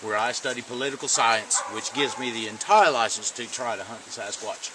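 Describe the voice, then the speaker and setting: A man's voice: mid-range voice, a little fast, noisy background, natural voice. A man playing a pompous, touchy self-styled male Sasquatch expert in an improvised comedy, recorded outdoors on a camera mic. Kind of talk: improvised comedy role-play. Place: outdoors in the woods.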